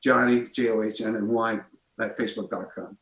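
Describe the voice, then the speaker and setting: A man's voice: fairly low pitch, fairly even intonation, fairly quick, gravelly, fairly bright tone, echoey room, poor audio. A man, a guest comedian telling a story on a talk show and acting out the voices in it.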